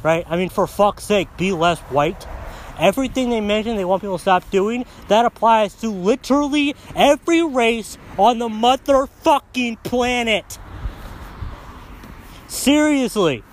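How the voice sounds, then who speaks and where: Recorded on a phone outdoors, a podcast host delivers a coarse, heated monologue packed with swearing, a profane rant. His voice sits high and moves at a measured pace, with slight background noise.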